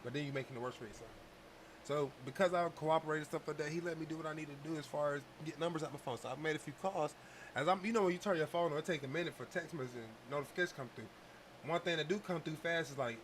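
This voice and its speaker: A man's voice: a little high, quick pace, slight background noise. Slangy man telling stories casually. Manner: loose slangy storytelling, animated retellings. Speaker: podcast host. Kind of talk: casual storytelling talk.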